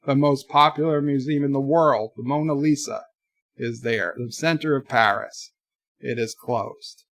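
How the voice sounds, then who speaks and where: A man hosting a casual live stream, talking loosely and reading viewer messages as they come in. His voice sits at a middle pitch. The recording is dry and close to the mic. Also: moderate pace, no room sound. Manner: rambling, reading chat aloud. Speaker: livestream host.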